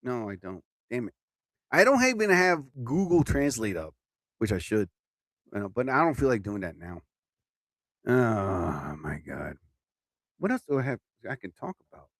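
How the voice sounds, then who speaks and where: A man's voice: medium pitch, sing-song, normal speed, pauses often, no room sound. Chatty man rambling on a live stream. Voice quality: rambling, chatty, drifts between topics. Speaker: live stream host and comedian.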